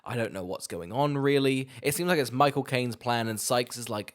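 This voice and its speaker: A man's voice: medium pitch, a little fast, few pauses. Sarcastic man in a casual podcast chat. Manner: sarcastic, swears freely, acts out quotes. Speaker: podcast co-host.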